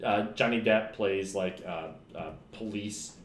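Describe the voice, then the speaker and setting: A man's voice: lowish voice, a little slow, slight background noise. A man casually chatting about films as a podcast co-host, rambling, swearing often and laughing a lot. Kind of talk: casual film chat. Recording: roomy echo.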